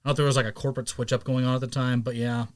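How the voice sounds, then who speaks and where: Podcast host, a man in his thirties, mid-pitched, rambling and animated in casual chat. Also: very fast. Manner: rambling, animated storytelling with swearing.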